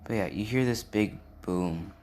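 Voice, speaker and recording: A man with a low voice tells an improvised fan story in a loose, casual way. He talks slowly and leans on fillers and tag questions as he goes. The delivery stays relaxed and meandering throughout. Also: slight background noise. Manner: rambling, many "and yeah" and "right?" fillers.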